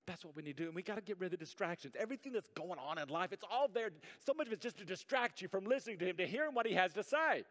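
A man preaching a sermon as pastor, swinging between hushed, quiet passages and loud, emphatic ones, with folksy jokes to the congregation. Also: high voice, lively intonation, very fast, few pauses. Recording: reverberant hall.

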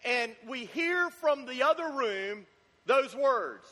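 A man's voice: very high-pitched, animated, takes it slowly, sharp tone. A male pastor preaching a sermon in an emphatic, repetitive style, posing rhetorical questions to the congregation. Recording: long hall reverb.

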